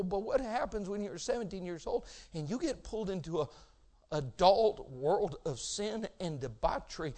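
Preaching as pastor, a middle-aged man with a high-pitched voice alternates between hushed storytelling and loud shouts. He performs the voices of those he quotes.

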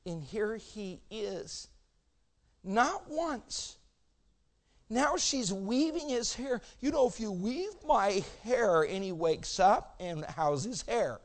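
A middle-aged man preaching a sermon as pastor, swinging between loud shouting and hushed storytelling, and acting out the voices he quotes. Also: high-pitched, very animated, slow.

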